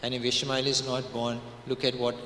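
Emphatic preacher in an echoey hall. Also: male voice, medium pitch, monotone, moderate pace, a bit bright, a little hiss or hum. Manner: emphatic, repeats phrases, stretches key words. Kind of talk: sermon.

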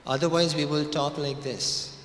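A man's voice: a little high, steady tone, normal speed, a bit bright. A man preaching a sermon, emphatic, repeating phrases and drawing out key words. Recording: echoey hall.

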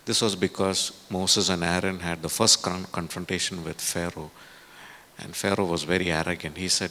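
A man's voice: low voice, steady tone, moderate pace, bright, forceful tone, a little hiss or hum. A man preaching a sermon in a conversational way, with many fillers and tag questions.

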